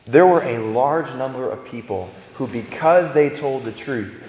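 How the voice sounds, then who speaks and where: A man giving a preaching-style Bible talk, emphatic, swinging between loud bursts and quiet low lines. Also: expressive, measured pace. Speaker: Bible teacher. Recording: echoey hall with long reverb.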